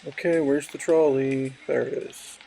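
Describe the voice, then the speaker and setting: A man's voice: mid-range voice, little pitch movement, a little slow, creaky, dark tone, soft background music. A man reading a text game aloud as he plays, thinking aloud with hesitant fillers. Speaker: player.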